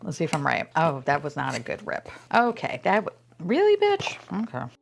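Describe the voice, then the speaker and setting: A woman chats through a toy unboxing in a casual, gushing way. Her pitch swoops up and down, and she squeals and curses as each box opens. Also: animated, quick pace, vocal fry, a little hiss or hum. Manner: gushing, squeals and swears often. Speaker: unboxing vlogger.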